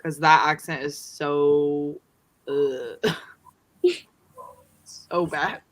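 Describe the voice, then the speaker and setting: A woman's voice: deep voice, extremely slow. A woman co-hosting a casual book club video call, telling stories with jokey asides. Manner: animated storyteller, joking asides.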